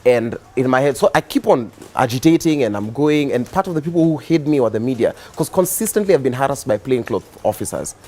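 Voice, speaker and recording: A man's voice: mid-range voice, fairly quick, few pauses. Young Kenyan man, rambling storyteller. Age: young adult. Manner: rambling, relaxed storytelling with many fillers. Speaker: guest, activist and musician. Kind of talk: casual interview storytelling.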